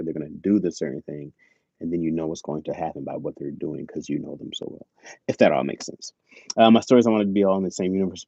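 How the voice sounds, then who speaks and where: A man's voice: low-pitched, warm tone, dry recording, muffled recording. Laid-back man streaming casually. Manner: laid-back, swears, says "bro" and "man". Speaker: streamer host. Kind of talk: casual chat.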